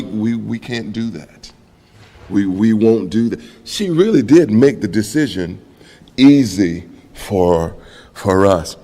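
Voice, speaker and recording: A man, a guest pastor, preaching a sermon as a personal story that climbs to high emotional peaks and then drops quiet. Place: church sanctuary. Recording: long church reverb.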